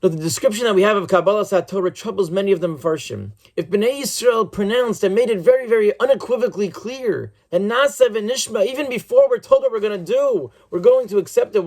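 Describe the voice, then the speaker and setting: High-voiced rabbi preaching. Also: male voice, darkish tone. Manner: earnest storytelling, measured and reflective. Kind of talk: sermon.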